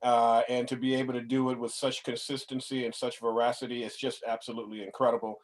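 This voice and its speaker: A man's voice: mid-range voice, little pitch movement, quick pace. Effusive man with stammering restarts. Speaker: guest speaker, reverend. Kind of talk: casual chat.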